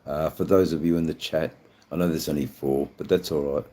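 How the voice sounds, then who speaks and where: A man's voice: a bass voice, fairly even intonation, brisk, mellow. An Australian man hosting a livestream in casual chat, rambling and hesitant, swearing freely. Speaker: livestream host.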